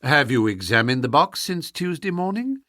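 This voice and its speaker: A man reading the part of a calm detective, speaking in a measured, even way. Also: a little high, dry recording, clean studio sound. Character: calm, cool male detective.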